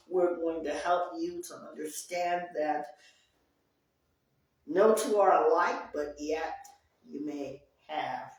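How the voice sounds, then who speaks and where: With a deep, darkish voice, a support group leader talks earnestly, echoing her own phrases for emphasis. She's in a group meeting room, heard off-mic through a distant microphone in a very echoey space.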